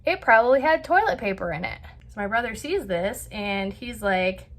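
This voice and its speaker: A woman hosting a vlog, telling a family story in a chatty, animated way with lots of filler words. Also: a little high, normal speed. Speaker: vlog host. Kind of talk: casual storytelling.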